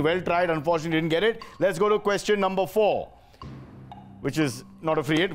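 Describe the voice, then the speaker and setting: A man with an Indian English accent hosting a quiz show, playful and teasing with quick asides. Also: high-pitched, a little hiss or hum. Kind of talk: joking game show hosting.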